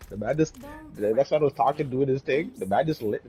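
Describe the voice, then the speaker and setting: A man's voice: medium pitch, fairly quick, mellow. A man streaming a game, talking in a laid-back, slangy way and laughing often. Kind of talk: casual chat on a game stream.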